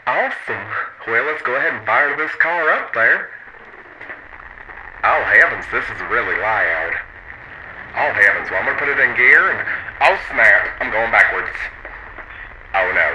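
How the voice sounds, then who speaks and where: A man's voice: medium pitch, expressive, a little slow, pauses often, close to an everyday voice. A man voicing a jittery, fretful stock car driver who keeps crying out in alarm. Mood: panicky. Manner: fretful, keeps exclaiming "oh heavens". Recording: dull audio under loud engine noise.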